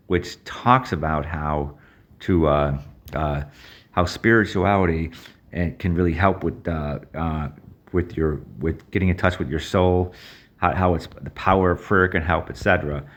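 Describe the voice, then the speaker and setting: Man, very low voice, app walkthrough, halting, fillers and restarts. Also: a bit bright. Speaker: app presenter. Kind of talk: screen-share app walkthrough.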